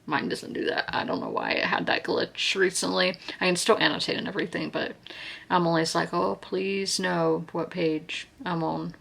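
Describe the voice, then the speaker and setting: A woman's voice: lowish voice, creaky, sharp tone, husky. A woman in her twenties from South Carolina, chatting casually and earnestly in a reading vlog, with lots of fillers and restarts. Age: 20s. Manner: chatty, rambling, heartfelt, many fillers and restarts. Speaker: book vlogger.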